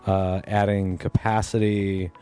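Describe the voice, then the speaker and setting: A man co-hosting a podcast in casual chat, easygoing, explaining things slowly and deliberately. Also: low-pitched, flat delivery, warm tone, smooth, soft background music. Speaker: podcast co-host.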